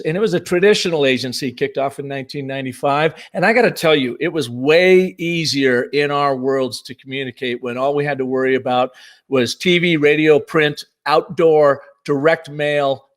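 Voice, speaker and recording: A man in his fifties giving an enthusiastic, punchy conference presentation on storytelling. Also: on the high side. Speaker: marketing speaker.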